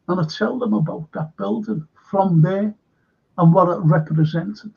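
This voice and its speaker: Man, local historian, gravelly and husky, raised pitch, lo-fi stream audio. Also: moderate pace. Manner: animated storyteller acting out quoted voices. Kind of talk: casual chat on a live stream.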